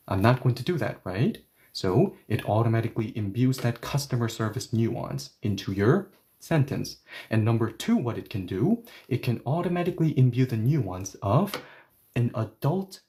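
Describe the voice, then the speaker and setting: A man's voice: mid-range voice, animated, normal speed, warm tone. A man teaching a language lesson, explaining emphatically and repeating words for stress.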